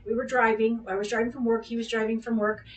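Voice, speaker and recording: A woman, a dog groomer, telling a personal story in a casual, animated, exclamatory way and swearing freely. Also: on the high side, fast talker, far from the mic, a little hiss or hum.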